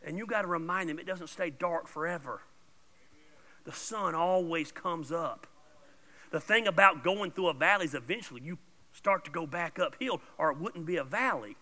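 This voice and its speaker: A male pastor with a high, very bright, sharp-edged voice preaches a sermon. He talks bluntly and informally, jumping from loud emphatic bursts to soft asides. The sound has the long reverb of a large church hall. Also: animated, normal speed.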